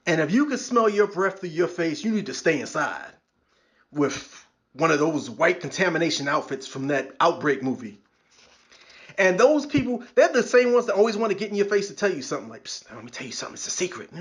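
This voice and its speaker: A man's voice: high voice, fairly bright tone. A man, hosting his podcast as a sarcastic comedic rant and acting out the people he mocks. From New York. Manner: wry, sarcastic, acts out quoted voices. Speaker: podcast host. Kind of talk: stand-up style comedic rant.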